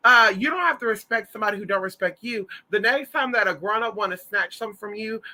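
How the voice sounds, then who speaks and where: A man's voice: sits high, quick pace, pushed and bright, pitched above the performer's own voice. A man voicing his fed-up, protective mother as she scolds a relative bluntly. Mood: scolding.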